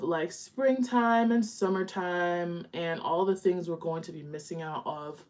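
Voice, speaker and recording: A woman's voice: on the low side, a little mellow. A young woman chatting candidly during a live makeup stream at home, talking while she applies eyeshadow. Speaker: beauty vlogger. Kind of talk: casual live makeup chat.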